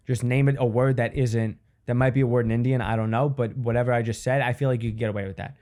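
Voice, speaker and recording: A man's voice: mid-range voice, fairly even intonation, fast, hardly any pauses, a little mellow. A male comedian rambling through a solo podcast monologue. His delivery is loose and profane, and he swears freely as he rants.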